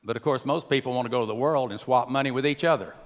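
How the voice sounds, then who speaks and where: A man preaching a sermon to a church, swinging between hushed and raised delivery. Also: medium pitch, fast. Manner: preaching with wide swings from soft to loud. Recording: long hall reverb.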